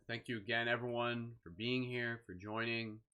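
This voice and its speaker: A man leading a live guided meditation, speaking slowly and soothingly with gentle encouragement. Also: medium pitch, smooth. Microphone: live stream microphone.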